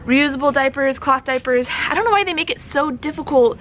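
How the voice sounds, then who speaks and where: A woman's voice: high-pitched, brisk, fairly bright tone, slight background noise. A young woman vlogging in a casual, chatty way, laughing often and a little out of breath. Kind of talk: casual chat to camera.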